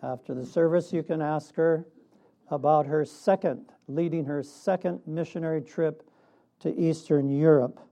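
A man preaching a sermon in a measured way, with a laugh now and then. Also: a little high, steady tone, gravelly, mellow. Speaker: pastor.

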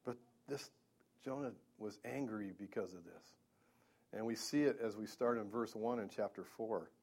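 A man's voice: on the low side, normal speed, a little mellow. A man preaching a Bible-teaching sermon, earnest, with stammering restarts and emphatic peaks.

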